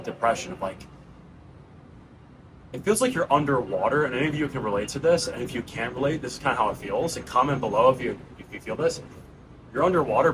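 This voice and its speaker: A man in his thirties with a New York accent talks straight to his viewers in a raw, unscripted monologue, earnest and casual. His voice sits at an ordinary pitch, and steady background noise runs under the recording. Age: 30s. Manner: earnest, conversational, calls viewers bro and guys. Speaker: channel host. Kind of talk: raw personal monologue to camera.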